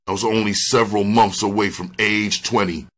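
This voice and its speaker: A man reading a first-person memoir aloud, slow and deliberate. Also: on the low side, fairly even intonation, a bit bright. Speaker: audiobook reader.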